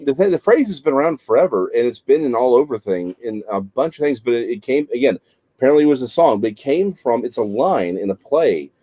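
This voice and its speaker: A man co-hosting a casual chat, easygoing and halting as he searches for words. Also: mid-range voice, expressive, dark tone, no echo. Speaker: co-host.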